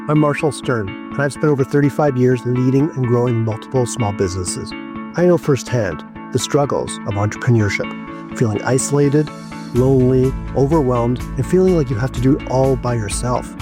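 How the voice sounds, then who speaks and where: A man's voice: mid-range voice, moderate pace. A middle-aged man delivering a scripted podcast intro in a firm, direct way. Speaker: podcast host. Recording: music playing behind.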